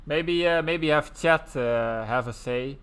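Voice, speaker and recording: A man's voice: fairly high pitch, slow pace, fairly bright tone, smooth. A man giving casual, chatty live commentary on an online sim-racing league race. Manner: casual, chatty, breaks into laughs.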